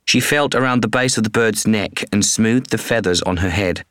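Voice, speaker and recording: A man with a very low voice reads a first-person story in a measured, somber way. He is close to a studio mic. The sound is completely dry, with no room echo. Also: a bit bright. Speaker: audiobook narrator. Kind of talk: first-person scripted narration.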